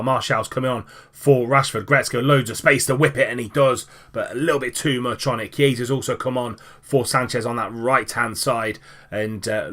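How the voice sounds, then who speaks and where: A man giving casual play-by-play commentary over a football management game, lively, with many fillers and restarts. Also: medium pitch. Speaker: gaming commentator.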